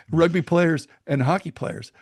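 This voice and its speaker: A man's voice: fairly high pitch, slow pace, no room sound, studio quality. A middle-aged man, a marketing expert, telling anecdotes as a guest in a casual interview. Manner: relaxed anecdotal storyteller.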